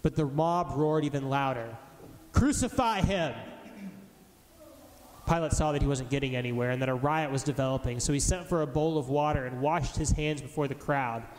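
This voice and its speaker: A man giving a formal, measured reading of scripture aloud. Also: medium pitch, steady tone. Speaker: scripture reader. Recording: echoey hall with faint noise.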